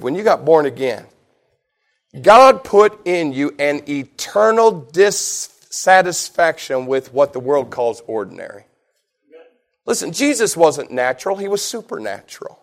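A middle-aged man preaching a sermon, telling a personal story with animation and building to emphatic, repeated lines. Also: sits high. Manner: animated storyteller, shouts and laughs in retelling; preaching with rising emphatic repetition. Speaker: pastor.

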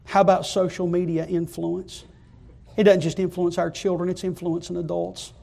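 A male preacher delivering a fervent sermon that keeps rising to loud, repeated climaxes. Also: high voice, level tone, normal speed, gravelly.

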